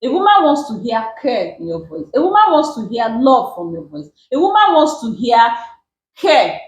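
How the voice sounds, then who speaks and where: A Nigerian woman gives relationship advice in a high, lively voice that swoops up and down as she hammers each point home. She repeats herself for emphasis, and the room around her is echoey. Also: normal speed. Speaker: relationship guest. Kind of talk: advice talk show chat. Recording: roomy echo.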